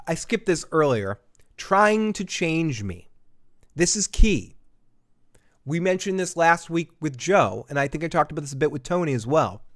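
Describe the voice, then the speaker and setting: Chatty higher-voiced man reviewing a TV episode. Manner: chatty and rambling, swears freely, laughs often. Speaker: host of a TV review show. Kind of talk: casual live episode review.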